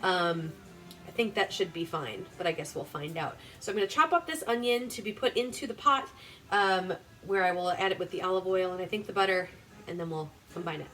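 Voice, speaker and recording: A woman's voice: lowish voice, brisk, fairly bright tone, poor audio. A young woman hosting her home cooking show in her kitchen, talking casually in a rambling, self-deprecating way full of fillers. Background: playlist music playing faintly.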